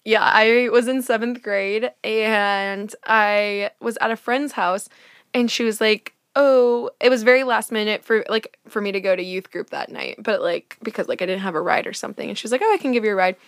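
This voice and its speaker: A young woman co-hosting a podcast in casual chat, animated and quick to laugh. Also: mid-range voice, clear, resonant tone, no echo, studio quality. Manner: animated, laughs until crying, lots of "like". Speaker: podcast co-host.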